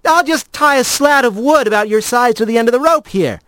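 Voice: medium pitch, lively intonation, fairly bright tone, no echo, voice pushed up, close to an everyday voice. A storyteller voicing a blunt, practical male rat who is impatient and cocky in a radio story reading. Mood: brisk. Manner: blunt, quick and offhand. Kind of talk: audio drama reading.

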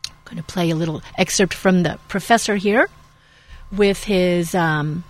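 A woman radio host talks casually and enthusiastically, sometimes pausing on fillers. Her voice is fairly low with a husky edge.

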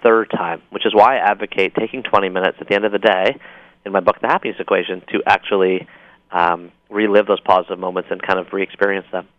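A man, an author calling in to a talk show, explaining his ideas with upbeat enthusiasm and quick jokes. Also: deep voice, fairly even intonation, dry recording. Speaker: author guest. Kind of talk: call-in interview. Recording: dull dry phone-in line.

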